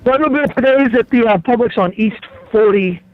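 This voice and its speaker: A woman's voice: a little high, a little fast, dry recording, narrow, tinny audio. A woman chatting on a morning radio show, wry and skeptical, often stammering as she starts a sentence. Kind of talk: casual radio chat.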